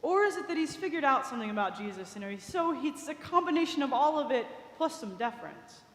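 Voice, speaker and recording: A woman's voice: sits high, expressive, quick pace, a bit bright. A woman preacher retelling a story in a conversational sermon, with small asides. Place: large cathedral. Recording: echoey cathedral with long reverb.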